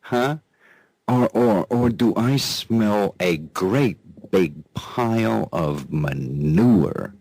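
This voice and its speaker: A man's voice: on the low side, animated, extremely slow, creaky, a little mellow, no room sound. A man hosting a live talk radio show, delivering sarcastic news commentary with frequent mocking laughs and repeated phrases. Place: radio studio.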